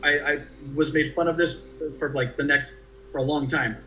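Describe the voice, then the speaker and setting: A man's voice: fairly high pitch, fairly even intonation, normal speed, bright, forceful tone, slight background noise. A man being interviewed, telling stories in a chatty, rambling way with many restarts. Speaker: interview guest, commercial actor. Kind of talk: casual interview storytelling. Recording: echoey room with faint music.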